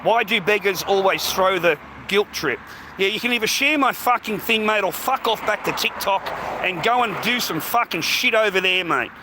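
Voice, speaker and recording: At a moderate pace and in a high voice, an Australian man chats casually to viewers on an outdoor livestream. He swears heavily, calls everyone "mate," and street noise and passing traffic can be heard.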